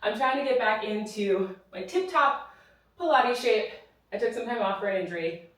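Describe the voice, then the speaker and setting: Winded pilates lady counting reps, bit high voice, super echoey studio sound from a distance. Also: expressive, normal speed, a bit bright. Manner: encouraging, counts reps aloud. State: out of breath. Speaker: Pilates instructor. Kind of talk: follow-along workout cueing. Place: studio with reformer machine. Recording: roomy echo, mic at a distance.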